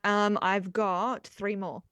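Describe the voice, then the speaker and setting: A woman's voice: medium pitch, flat delivery, slow, a bit bright, clean tone, dry recording. A woman co-hosting a casual chat podcast, playful and laughing often, with whispered asides to listeners. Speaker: podcast co-host.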